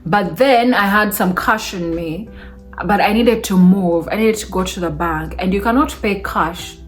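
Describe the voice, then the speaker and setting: A woman recounts a personal story straight to camera in a relaxed, chatty vlog style. She speaks at a middle pitch and keeps the telling lively, laughing between remarks. Soft music plays faintly underneath. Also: a little slow. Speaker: vlogger. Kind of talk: casual storytelling.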